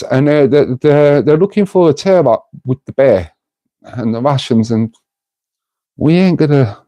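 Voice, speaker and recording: A man's voice: mid-range voice, warm tone, dry recording. A middle-aged man, hosting a casual livestream and talking to viewers in an earnest, rambling way. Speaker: livestream host.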